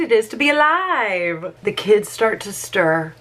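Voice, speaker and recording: A woman casually and playfully retelling an opera's plot in a jokey, animated way. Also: medium pitch, unhurried. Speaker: opera presenter.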